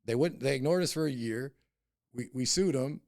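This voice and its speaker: A man's voice: medium pitch, normal speed, darkish tone, no room sound, clean studio sound. A middle-aged man, a company boss on a podcast, telling a story bluntly and heatedly with heavy swearing. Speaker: cannabis company CEO, podcast guest. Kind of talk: casual interview storytelling.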